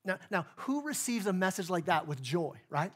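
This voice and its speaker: A man's voice: sits high, very animated, normal speed. A male pastor giving a sermon in church, in a conversational way that keeps acting out the people in the story. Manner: conversational, plays out dialogue in voices.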